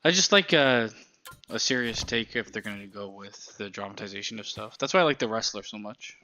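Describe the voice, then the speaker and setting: A man's voice: on the low side, lively intonation, a little fast, pushed and bright, no echo. A man co-hosting a casual podcast, skeptical and blunt in his takes. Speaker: podcast co-host. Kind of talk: casual chat.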